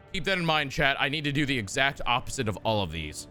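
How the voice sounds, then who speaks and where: A man's voice: medium pitch, very animated, fast talker, few pauses, pushed and bright, faint music behind. A man streaming a game, reading its text aloud and joking with chat in a casual, profane, mock-exasperated way from his desk.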